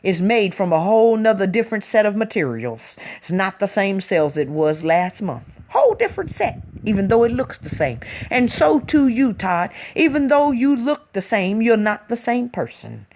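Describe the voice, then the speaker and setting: A woman's voice: medium pitch, a little mellow. Emphatic woman preaching to her listeners. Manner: emphatic, rhetorical, keeps asking "hmm?"; reads out listener comments. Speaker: spiritual talk host. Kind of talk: preachy casual live-stream talk.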